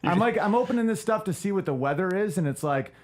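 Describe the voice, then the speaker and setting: An animated male co-host joking through comedic chat, his high voice leaping in pitch. A faint noise sits under the recording. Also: fast talker. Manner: animated, jokey, acts out bits.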